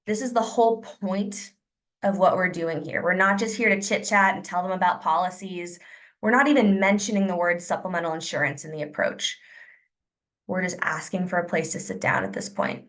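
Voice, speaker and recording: Woman sales trainer on a video call, upbeat coaching delivery, acts out sample pitches. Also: normal speed, fairly bright tone.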